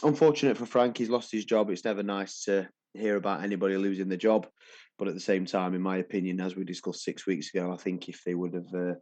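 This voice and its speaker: A man in his thirties co-hosting a casual football podcast, chatty and relaxed with lots of fillers. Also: low voice, fast, no room sound. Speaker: podcast co-host.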